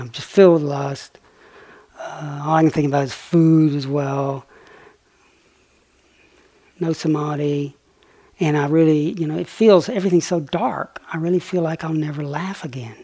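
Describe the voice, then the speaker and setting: A man giving a dharma talk at a retreat, telling stories with lively voices and dropping to a hushed whisper at key points. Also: on the high side. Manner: animated storyteller, soft and hushed at key points. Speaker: meditation teacher. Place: meditation retreat hall.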